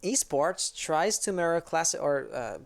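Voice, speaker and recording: A man's voice: on the high side, lively intonation, measured pace, vocal fry. A man from Quebec whose first language is French, speaking English with a Quebec French accent. He chats casually with his stream viewers in an easygoing, rambling way as an esports caster. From Quebec, Canada. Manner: rambling and easygoing, answers chat as he reads it. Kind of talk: casual livestream chat with viewers.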